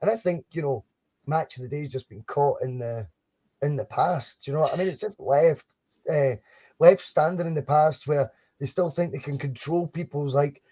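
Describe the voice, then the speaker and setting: A man's voice: a little high, moderate pace, warm tone. Chatty man, dull lo-fi sound. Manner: chatty, rambling, frequent restarts. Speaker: podcast co-host. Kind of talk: casual live-stream chat. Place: home studio for a live stream.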